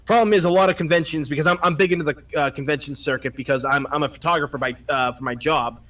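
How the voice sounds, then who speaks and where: A man's voice: on the high side, steady tone, quick pace, fairly bright tone, distant mic. A man with a Boston accent, co-hosting a casual podcast chat, joking and rambling. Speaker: podcast co-host.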